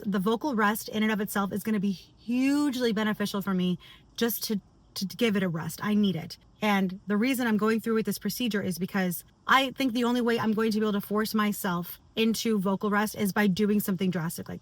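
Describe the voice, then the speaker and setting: A woman's voice: mid-range voice, fairly quick. Woman candidly sharing in a vlog. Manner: open, confessional, emotional. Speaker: vlogger and singer. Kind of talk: candid personal video diary.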